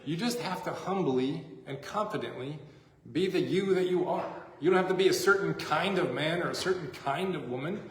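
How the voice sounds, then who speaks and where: Casual joking pastor in an echoey church. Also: male voice, on the high side, normal speed. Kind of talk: sermon. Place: church sanctuary.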